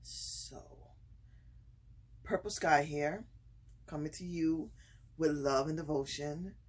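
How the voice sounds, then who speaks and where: Woman vlogger at home, slow and husky, hesitant with fillers, slightly scratchy throat. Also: deep voice. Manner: hesitant, many pauses and fillers, turns excited and laughing when telling the story. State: slightly itchy throat from screaming. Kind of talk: casual personal vlog storytelling.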